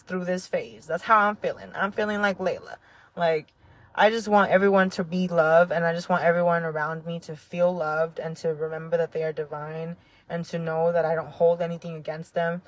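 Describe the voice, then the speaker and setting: A woman hosting a solo podcast, talking earnestly and heartfelt in a rambling way, full of "like" and soft laughs. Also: fairly low pitch, steady tone, normal speed. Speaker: podcast host. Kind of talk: reflective solo podcast monologue.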